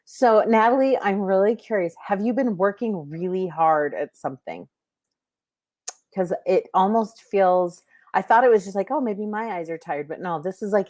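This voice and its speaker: A woman's voice: mid-range voice, darkish tone, no room sound, studio quality. A middle-aged woman hosting a livestream, chatting casually with viewers and giving intuitive readings, rambling with many fillers and restarts.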